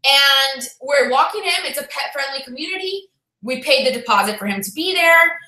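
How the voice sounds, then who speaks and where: A woman hosting a home vlog, telling a story loudly and with excitable energy. Her voice is high and bright, and it echoes around a roomy indoor space. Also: normal speed. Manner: loud, animated and excitable. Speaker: vlogger host. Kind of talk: casual storytelling to the camera.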